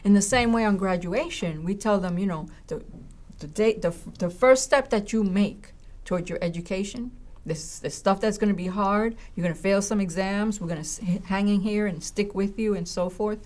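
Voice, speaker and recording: A woman's voice: mid-range voice, normal speed, few pauses. A woman college educator telling a story in conversation, acting out voices and often checking in with "right?" and "you know.". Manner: animated, acts out voices in her stories.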